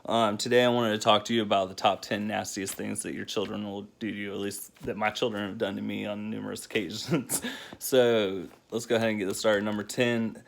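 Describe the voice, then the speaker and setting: A man's voice: lowish voice, little pitch movement, a little fast, vocal fry, a little hiss or hum. A man, a single father, hosting a casual countdown vlog, laughing often as he tells loose, rambling stories.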